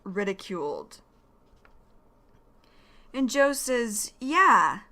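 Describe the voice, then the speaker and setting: A woman from the United States teaching English vocabulary, speaking deliberately and repeating key words for learners. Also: mid-range voice, animated, sharp tone. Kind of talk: slow explanatory vocabulary lesson.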